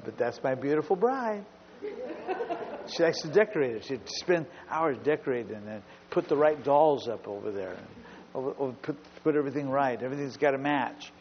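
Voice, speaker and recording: A man's voice: medium pitch, expressive, brisk, a little hiss or hum. A middle-aged male pastor preaching a sermon with humor, acting out little scenes in asides. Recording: dull sound with long hall reverb.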